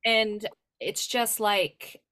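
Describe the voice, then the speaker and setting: Bright-voiced chatty woman from New Hampshire. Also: mid-range voice, drawn-out words. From New Hampshire, USA. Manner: animated, acts out quoted dialogue, filler-heavy. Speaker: podcast co-host and medium. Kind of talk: casual storytelling chat.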